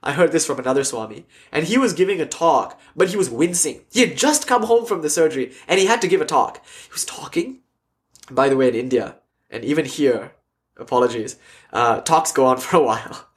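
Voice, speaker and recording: In a class that also has an online audience, a spiritual teacher delivers a casual lecture. His voice is a little high and fairly quick, and he acts out quotes as he tells his stories with animation.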